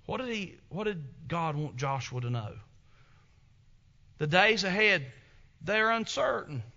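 A man preaching a sermon as pastor, telling stories with emphatic swings between loud and soft. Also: high voice, lively intonation, measured pace, muffled recording. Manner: emphatic, storytelling preacher with big swings in loudness.

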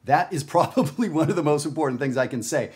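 A man's voice: on the high side, fast, a little mellow. A man from Canada giving a casual video lesson on jazz, talking in a conversational, emphatic way and often checking in with "right?". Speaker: jazz music teacher. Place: home studio with his dog.

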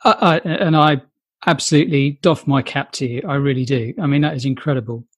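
A man's voice: medium pitch, fairly even intonation, fairly quick, breathy edge, no room sound, studio quality. A man hosting a podcast, encouraging and effusive toward his guest. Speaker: podcast host. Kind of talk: casual podcast chat.

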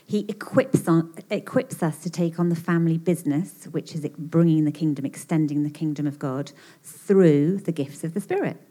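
A woman's voice: low voice, moderate pace, mellow. A woman co-teaching a session at a church retreat, encouraging listeners and reading list points in turn. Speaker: retreat speaker. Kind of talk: sermon teaching.

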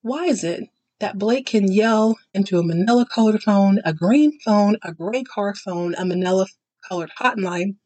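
A woman's voice: mid-range voice, moderate pace, mellow, no room sound. Sassy woman recapping a TV show. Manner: sassy, dramatic, chatty. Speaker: podcast host. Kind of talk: casual TV recap commentary.

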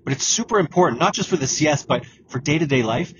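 A man's voice: on the high side, lively intonation, quick pace. Coaching male podcast host, lo-fi. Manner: coaching, direct, repeats key points. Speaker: exam prep podcast host. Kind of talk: solo podcast advice talk. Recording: dull lo-fi audio with clear background noise.

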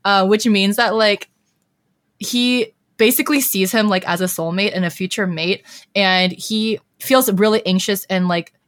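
A woman's voice: mid-range voice, steady tone, measured pace, no echo. A young woman hosting a podcast, casually recapping a story in a chatty way with many fillers. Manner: chatty, heavy use of filler "like". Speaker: podcast host.

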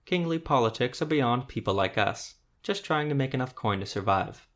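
A man's voice: mid-range voice, lively intonation, moderate pace, a bit bright. A man doing a laid-back, folksy hunter. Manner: casual, folksy grammar. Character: laid-back rough male hunter-tracker.

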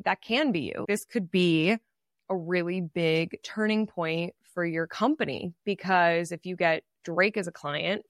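A woman in her thirties hosting a podcast, telling a personal business story in a candid, animated way and acting out her own inner thoughts. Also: lowish voice, no echo, clean studio sound. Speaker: podcast host and business owner.

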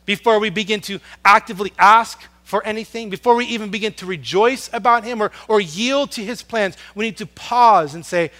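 A man preaching a sermon, earnest and storytelling, swinging from loud emphasis down to a hush on soft words. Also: high-pitched, fairly quick, few pauses. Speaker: pastor.

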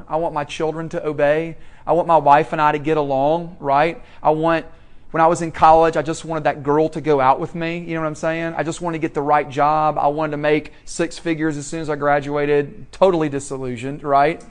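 A man preaching a sermon in a conversational way, asking the congregation questions and moving between quiet and loud. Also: fairly high pitch.

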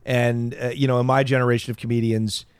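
A man's voice: mid-range voice, level tone, quick pace, clean tone, no room sound. Edgy rambling comedian guy on a podcast, mid voice, dry close studio sound. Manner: rambling, edgy, peppered with "you know what I mean". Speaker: comedian guest. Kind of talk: casual podcast chat.

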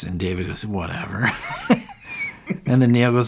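A man's voice: lowish voice, moderate pace, a little hiss or hum. A man co-hosting a casual podcast, retelling scenes animatedly with quoted lines and plenty of fillers. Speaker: podcast co-host. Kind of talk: casual recap chat.

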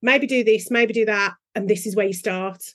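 A woman's voice: medium pitch, moderate pace, a bit bright. A woman co-hosting a podcast, asking questions in a chatty way with musing restarts. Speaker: podcast co-host. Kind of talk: podcast interview.

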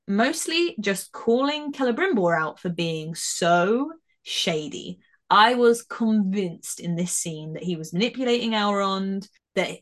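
Chatty woman reviewing a show. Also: mid-range voice. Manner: chatty, animated, trails off and restarts, laughs easily. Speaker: podcast co-host. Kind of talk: casual episode review chat.

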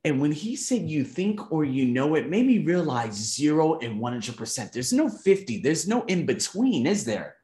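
A man in his thirties reviewing his month in a vlog, emphatic and animated, swearing casually and acting out conversations. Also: fairly high pitch, normal speed, hardly any pauses, echoey room. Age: 30s. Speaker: vlogger.

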